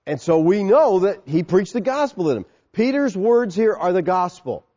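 A man's voice: fairly high pitch, mellow, long reverb tail, highs cut off. A man preaching a sermon, emphatic, asking the congregation questions and answering them himself.

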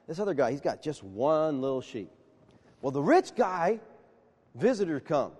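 A man preaching a sermon, telling stories with animated acted-out dialogue. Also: a little high, normal speed, husky, long reverb tail. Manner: animated storytelling, acts out dialogue. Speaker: pastor.

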